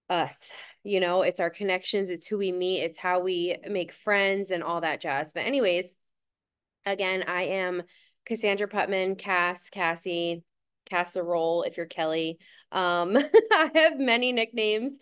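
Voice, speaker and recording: A woman's voice: fairly low pitch, a bit bright, clear, resonant tone. A woman in her thirties from New Jersey hosting a team call from home, chatting affectionately with rambling asides over a video call. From New Jersey, USA. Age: 30s. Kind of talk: casual personal introduction.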